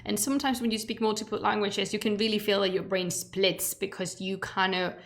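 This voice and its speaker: A woman's voice: mid-range voice, steady tone, brisk. A woman whose first language is Spanish, a streamer chatting playfully before starting a history lecture, with emphatic, wandering asides. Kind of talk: casual chat leading into a history lecture.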